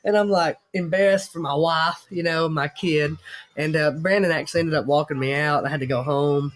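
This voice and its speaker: A man tells a story in a loose, rambling way, swearing and poking fun at himself. His voice sits high for a man. He talks casually to a guest. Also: steady tone, normal speed, a bit bright. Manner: rambling, profane, self-mocking storytelling. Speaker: host.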